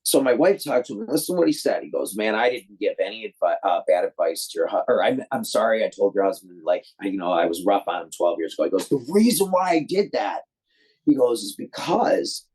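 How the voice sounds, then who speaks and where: A man's voice: lowish voice, big pitch swings, quick pace, darkish tone, slightly rough, rough recording. A man from Detroit, a guest filmmaker, telling a long story in a loose, rambling way and acting out the voices of the people in it. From Detroit, USA. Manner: rambling, acts out quoted voices; loose, many fillers and restarts. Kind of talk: casual storytelling.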